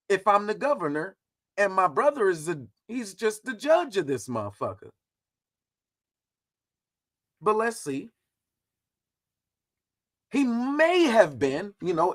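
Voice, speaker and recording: A man hosting a casual livestream, talking through history in a slangy, profane, animated way. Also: sits high, measured pace. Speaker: host.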